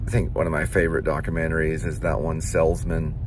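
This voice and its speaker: A man's voice: a bass voice, level tone, fast, background noise. A man filmmaker talking in a loose, chatty monologue, musing with fillers as he goes. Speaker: filmmaker vlogger. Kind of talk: casual rambling monologue.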